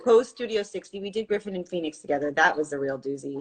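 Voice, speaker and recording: A woman's voice: fairly low pitch, expressive, fast. A woman in her forties chatting on a live phone stream, teasing and quizzing her friend with dry jokes. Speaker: actress. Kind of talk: casual chat on a live stream. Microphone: phone on a live video stream.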